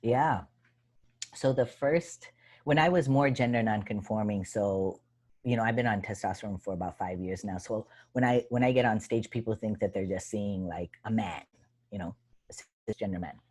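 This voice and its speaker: A comedian answering questions in a casual, animated way, full of fillers and acted-out stage lines, over a video call. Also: male voice, lowish voice, moderate pace, husky. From United States. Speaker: comedian guest.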